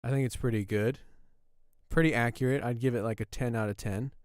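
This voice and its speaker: A man's voice: mid-range voice, fairly even intonation, brisk, darkish tone, clear, resonant tone, no room sound, clean studio sound. A man hosting a casual live stream, chatting with viewers in a rambling, easygoing way. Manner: chatty, rambling, talks to viewers while browsing. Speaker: livestream host.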